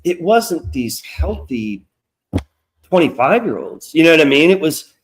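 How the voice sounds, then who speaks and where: Middle-aged guy swearing a lot, voice jumping up and down, kinda high for a man. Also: measured pace, background noise. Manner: profane, animated storytelling with quoted asides. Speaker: guest comic creator. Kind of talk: casual interview chat. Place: lives in North Carolina.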